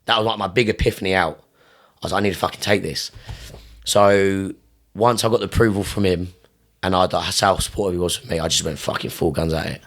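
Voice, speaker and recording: A man's voice: low-pitched, steady tone, fast talker, a bit bright. A young man, a gym owner and Muay Thai coach, talking in a casual podcast interview. He speaks with intense emphasis, swears constantly, repeats his phrases, and his voice jumps up sharply when he gets fired up.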